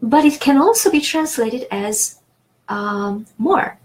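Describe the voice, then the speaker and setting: A woman's voice: on the high side, animated, takes it slowly, poor audio. A woman teaching a French lesson in English, explaining patiently with many fillers and restarts. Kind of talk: online language lesson.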